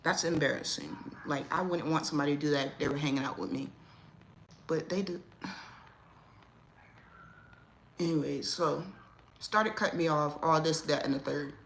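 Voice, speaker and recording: A woman's voice: a little fast, vocal fry, a little hiss or hum. A woman hosting a casual livestream, telling a story. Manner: animated, rising loud and high when riled. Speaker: livestream host.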